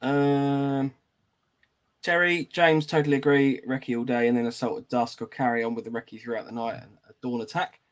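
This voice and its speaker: A man's voice: mid-range voice, little pitch movement, normal speed. A British man co-hosting a casual podcast, reading out live chat comments and laughing often.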